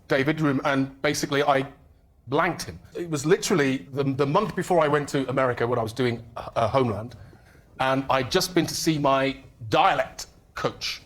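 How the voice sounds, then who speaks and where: A man's voice: mid-range voice, normal speed, a bit bright. A man on a comedy panel show, earnestly and a little flustered defending his story under questioning. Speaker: guest panellist. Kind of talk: casual panel show banter.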